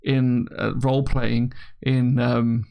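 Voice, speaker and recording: Man, gravelly voice, podcast host, casual chat, laughs a lot, from Britain. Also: mid-range voice, flat delivery, takes it slowly, mellow. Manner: laughs often, reads listener questions aloud.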